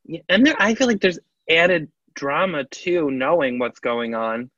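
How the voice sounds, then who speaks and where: Bright-voiced man co-hosting a podcast. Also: fairly high pitch, measured pace, dry recording. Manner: animated, laughs often, acts out quoted people. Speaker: podcast co-host. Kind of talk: casual chat. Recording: slightly dull, lo-fi audio.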